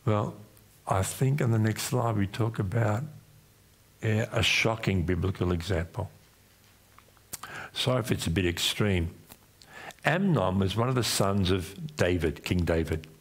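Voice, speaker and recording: A man's voice: a little slow, long pauses. A man with an Australian accent, preaching a sermon as pastor in a church, acting out voices when he retells stories. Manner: acts out voices in his retellings, pitch swinging up and down.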